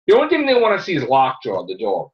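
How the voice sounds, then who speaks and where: A man hosting a casual podcast, ranting excitedly and swearing a lot. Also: medium pitch, fast, muffled recording. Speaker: show host.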